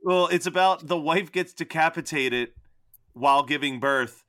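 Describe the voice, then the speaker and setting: A man's voice: fairly high pitch, unhurried, pushed and bright. A man chatting casually, laid-back and swearing freely, often chuckling. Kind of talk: casual chat.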